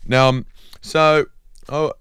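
A man's voice: mid-range voice, fairly even intonation, takes it slowly, fairly bright tone, clean tone, dry recording, studio quality. An Australian man hosting a community radio show, rambling through a self-deprecating comic monologue with lots of fillers and restarts. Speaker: radio host.

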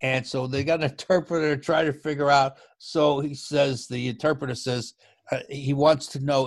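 A man telling a baseball story as an interview guest, animated and growing louder as the tale builds, often restarting his sentences. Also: normal speed, no room sound, clean studio sound. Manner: lively storyteller who gets louder and higher as the story builds, with frequent restarts. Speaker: guest, former baseball TV broadcast producer.

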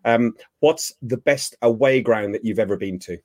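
A man hosting a casual football podcast, putting relaxed questions to his guests. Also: medium pitch, normal speed, no echo, studio quality. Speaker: podcast host.

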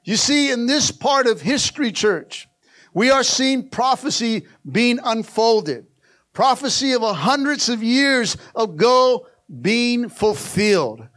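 In a church sanctuary, this pastor preaches slowly in a very high, animated and fairly bright voice. He fervently calls out again and again, pushing the congregation to respond in a call-and-response sermon.

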